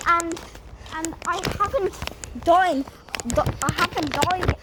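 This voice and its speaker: A woman's voice: extremely high pitch, takes it slowly. A woman playing a boastful Australian explorer man. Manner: says "mate" constantly, stumbling restarts, boastful. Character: brash bumbling Australian male nature explorer. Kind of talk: comic mock nature show hosting. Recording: loud background noise.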